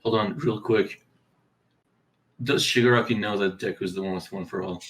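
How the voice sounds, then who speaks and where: A man chatting casually on a podcast with flat, laid-back remarks. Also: fairly low pitch, moderate pace, slight background noise, rough recording. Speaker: podcast co-host. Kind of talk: casual chat.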